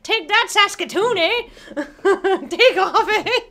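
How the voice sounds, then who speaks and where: A woman's voice: very high voice, lively intonation, pushed and bright, voice pushed up, exaggerated voice. A woman voicing a boisterous small-town Canadian man in a put-on Canadian accent, boastful and tagging lines with "eh?". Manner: drawn-out "eh?" tags, boastful.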